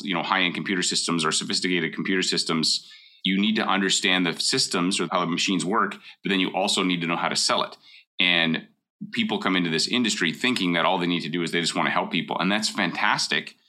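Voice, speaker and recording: Fast-talking and sharp in tone, this deep-voiced middle-aged Canadian mortgage broker hammers home his points with blunt, emphatic advice during a casual talk.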